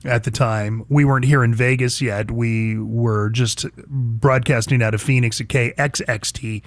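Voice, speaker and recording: A man hosting talk radio, blunt and opinionated, chatting easily between hard takes. His voice is mid-pitched and sits close to a studio mic with a dry, dead sound. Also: fairly even intonation, a little slow, no room sound. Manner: blunt, conversational, reminiscing with his producer. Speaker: radio show host.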